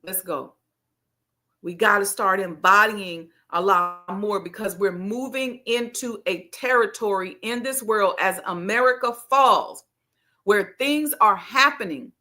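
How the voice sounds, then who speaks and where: A woman's voice: fairly high pitch, sharp tone. A middle-aged woman giving an emphatic motivational sermon at a Ramadan gathering, repeating her key lines and talking to the crowd like family. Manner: emphatic, repeats key phrases, folksy call-and-response. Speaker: speaker leading a Ramadan gathering.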